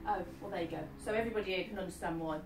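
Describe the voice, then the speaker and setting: A woman's voice: lowish voice, racing. A chatty woman in her fifties gives a live stage reading to an audience. She keeps checking in with her listener. Her voice carries from a distance in an echoey hall with a faint hiss behind it. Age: 50s. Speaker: medium. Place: event hall.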